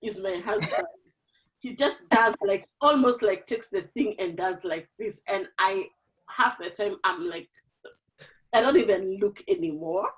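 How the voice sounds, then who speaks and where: A woman hosts an online women's gathering over a video call. Her voice swoops up and down with lively energy. She is chatty and laughs easily between remarks. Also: mid-range voice, a little slow, low-quality recording. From Kenya. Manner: animated, laughs often, chatty. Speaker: host of an online women's forum. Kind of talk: casual chat on a video call.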